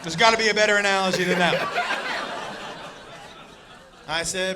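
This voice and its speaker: A man's voice: high-pitched, fairly even intonation, moderate pace, background noise. A man doing stand-up storytelling, profane and punchline-driven, on stage before a live audience. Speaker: stand-up comedian. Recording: comedy club with loud audience.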